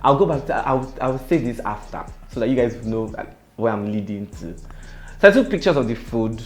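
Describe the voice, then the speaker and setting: Young man, Nigerian accent, animated storyteller, mid-pitched voice, faint music underneath. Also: normal speed. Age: young adult. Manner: animated, dramatic storytelling with pidgin phrases. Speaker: vlogger. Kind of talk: storytelling vlog.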